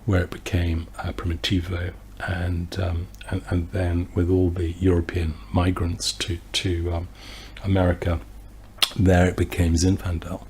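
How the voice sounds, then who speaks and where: A man's voice: sits low, monotone, measured pace, darkish tone, a little hiss or hum. Rambling man hosting a wine tasting. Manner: rambling, chatty, full of fillers and restarts. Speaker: wine society host. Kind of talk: casual anecdote and wine tasting talk.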